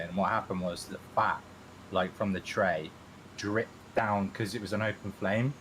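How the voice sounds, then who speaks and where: Man, fairly low voice, laid-back voice-chat anecdote, frequent swearing. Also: fairly even intonation, moderate pace, a bit bright, a little hiss or hum. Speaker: gamer chatting with friends on voice chat. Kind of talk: casual storytelling.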